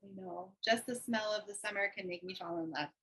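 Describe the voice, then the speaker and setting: A woman's voice: medium pitch, a little fast, a bit bright, slightly rough, rough recording. A woman co-hosting a casual chat about cross-stitch, chatty and enthusiastic, laughing often. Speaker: co-host.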